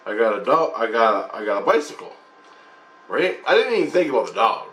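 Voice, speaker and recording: A man who hosts his own channel, casually retelling a dream in a rambling, halting way full of restarts. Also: fairly low pitch, big pitch swings, fairly bright tone. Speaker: channel host sharing spiritual experiences. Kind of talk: casual spoken recounting of a dream.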